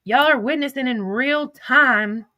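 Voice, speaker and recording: A young woman livestreaming, her higher voice bright and sharp. She reads text messages aloud and rants in a heated, profane way. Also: measured pace, dry recording. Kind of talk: livestream, reading texts aloud.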